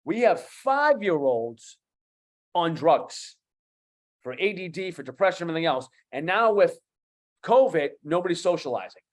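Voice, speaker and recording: Man, fifties, Boston accent, slightly high voice, emphatic, video call guest. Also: moderate pace. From USA. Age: 50s. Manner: animated, emphatic, repeats key phrases. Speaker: guest coach. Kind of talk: online talk show interview.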